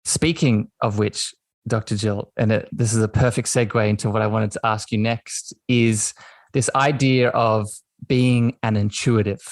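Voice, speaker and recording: A man hosting a podcast, speaking gently and affirmingly, often adding "right?" to his sentences. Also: on the low side, fairly even intonation, unhurried, no room sound. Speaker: podcast host. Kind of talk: conversational interview.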